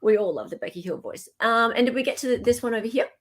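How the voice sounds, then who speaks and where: A woman's voice: on the high side, fast talker. A woman with an Australian accent hosting a live chat show, bubbly and giggly. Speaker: livestream host.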